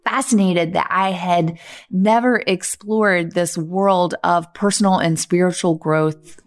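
Gravelly low-voiced woman telling her story. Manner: earnest, animated, many "like" fillers. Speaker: podcast host. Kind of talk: personal storytelling monologue.

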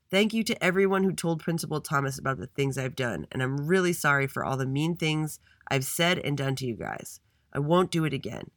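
Storybook kid: a friendly, upbeat schoolboy with a bouncy, high voice, done by a man, dry close sound. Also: sharp tone, no echo. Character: eager kind young schoolboy.

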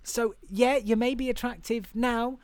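A man's voice: very high voice, steady tone, a little slow, clean tone, dry recording. A man co-hosting a casual chat, talking in a chatty way, laughing often and restarting his sentences. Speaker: podcast co-host.

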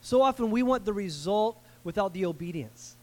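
A man preaching a casual, conversational sermon, animated and slangy, acting out the people in the story. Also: sits high, normal speed. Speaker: pastor.

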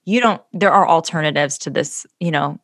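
A woman in casual chat, telling a story in an animated way and acting out the people in it. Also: low voice, normal speed, dry recording, clean studio sound. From Canada. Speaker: podcast co-host.

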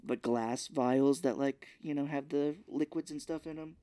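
A man co-hosting a podcast, casually retelling a film's scenes and slipping into quick voices for the characters. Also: on the high side, steady tone, mellow, clean tone, dry recording. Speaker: podcast co-host. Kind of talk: casual movie recap chat.

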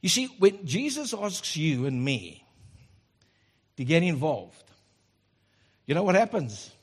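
Middle-aged pastor guy preaching, high husky voice, lively with little jokes. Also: slow. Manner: animated preaching with joking asides. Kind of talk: sermon.

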